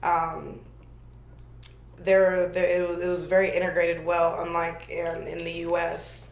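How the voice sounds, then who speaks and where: A woman's voice: on the low side, monotone, unhurried. A woman guest in casual chat, talkative and laughing often, with many fillers, who grew up in Germany. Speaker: podcast guest. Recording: echoey room.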